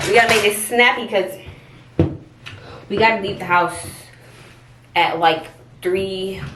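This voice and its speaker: A woman's voice: lowish voice, distant mic. A slangy, rambling woman talks through a casual tutorial vlog. She sits back from the mic in an echoey bathroom. A faint hiss runs underneath. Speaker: vlogger. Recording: roomy, off-mic, faint noise.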